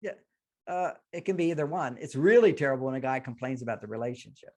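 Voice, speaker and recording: An older man appears as a guest relationship expert in a radio interview, explaining things through stories. He speaks fast at a medium pitch, animated, acting out quotes and laughing often.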